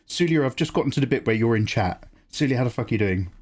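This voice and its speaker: A man with a medium-pitched voice talks fast while hosting a drawing livestream. He chats casually with viewers in an animated way, joking with chat and swearing freely.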